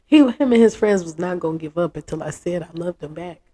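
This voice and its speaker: A woman, telling a story in a casual interview, frank and animated, acting out what others said. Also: on the low side, brisk. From United States. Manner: animated, acts out quotes, frank and profane.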